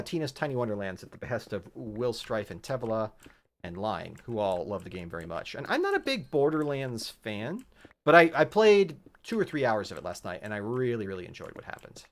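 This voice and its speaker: A man's voice: mid-range voice, fairly bright tone. A man streaming a video game from home, chatting casually and thinking aloud with many fillers. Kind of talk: casual gameplay chat.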